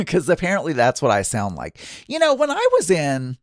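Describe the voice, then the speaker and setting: A man hosts a relaxed solo podcast, reading out listener messages and chatting about them. His voice sits fairly high and swings up and down a lot. The sound is dry and close, with no room echo. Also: a little fast, few pauses. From Arkansas. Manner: chatty and self-deprecating, with frequent laughs and restarts. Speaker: podcast host.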